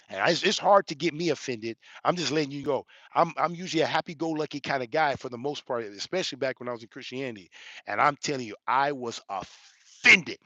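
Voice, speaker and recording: A man in his forties, an elder, telling a personal story with emphatic rhetorical questions and building toward near shouting. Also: a little high, no echo, highs cut off. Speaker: elder giving a reaction commentary. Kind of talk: animated personal storytelling commentary.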